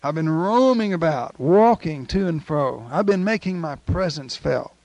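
A man's voice: on the high side, expressive, unhurried, darkish tone, no echo. A man voicing the devil as a boastful, strutting male figure with a swaggering, scheming manner, within a sermon retelling.

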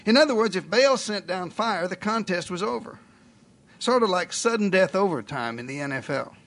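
A man's voice: sits high, expressive, moderate pace, a bit bright. A male preacher giving a sermon in a folksy, joking storytelling manner.

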